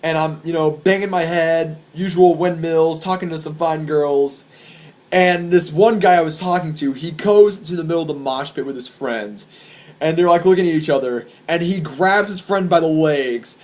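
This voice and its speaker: A young man telling wild concert stories to camera in a rambling, profane and excitable way. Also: a little high, normal speed. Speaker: vlogger. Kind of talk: casual storytelling to camera.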